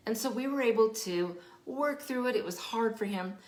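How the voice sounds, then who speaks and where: A woman's voice: a little high, moderate pace, hardly any pauses, echoey room. A woman parenting specialist and teacher giving casual advice, acting out what children and parents say and dropping to a whisper for emphasis. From Denver area, United States. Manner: animated, acts out quoted children and parents, drops to a whisper for emphasis. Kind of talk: casual explanatory advice talk.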